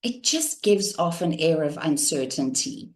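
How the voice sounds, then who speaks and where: A woman coaching on communication, speaking slowly with plenty of pauses. Her lowish voice rises and falls widely as she demonstrates how pitch carries meaning. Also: expressive. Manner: measured, deliberate cadence with pauses; demonstrates intonation with her own voice. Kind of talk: instructional talk.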